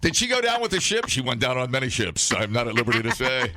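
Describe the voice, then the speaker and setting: A man's voice: mid-range voice, very animated, fast talker, bright, forceful tone. A man co-hosting a morning radio show, joking and rambling in casual banter. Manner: jokey, rambling, laughs often.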